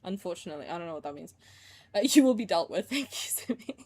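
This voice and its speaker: A woman's voice: fairly low pitch, expressive, fast, slightly rough. A young woman with a mixed English and Canadian accent, lightly tinged with Indian, chatting casually as a streamer while she plays and reads game text aloud. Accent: mixed English and Canadian, with a trace of Indian. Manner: chatty and rambling, with frequent "like" fillers.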